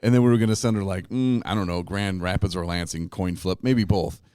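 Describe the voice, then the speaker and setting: A man hosting a recovery podcast at a retreat, telling stories in a casual, animated way and laughing often. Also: sits low, fairly quick, clean tone, no room sound, clean studio sound. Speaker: podcast host. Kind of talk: casual storytelling chat.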